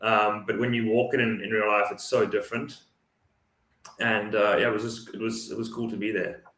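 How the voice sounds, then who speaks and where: A man's voice: lowish voice, level tone, moderate pace, a bit bright. Echoey, enthusiastic Dutch-native man. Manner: enthusiastic, repeats words while thinking. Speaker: co-host. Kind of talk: casual chat. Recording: echoey room sound.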